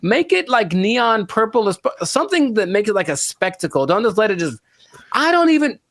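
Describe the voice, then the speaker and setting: A man's voice: high voice, big pitch swings, brisk, fairly bright tone, dry recording. A man co-hosting a casual podcast, laid-back and rambling, laughing easily. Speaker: co-host.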